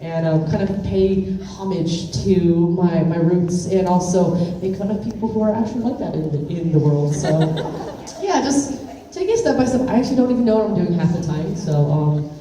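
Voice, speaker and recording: A woman's voice: fairly low pitch, animated, moderate pace, noisy background. A woman giving chatty, giggly interview answers full of fillers, recorded from a distance in a large echoey room. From California. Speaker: interview guest. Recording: echoey room, speaker far from mic.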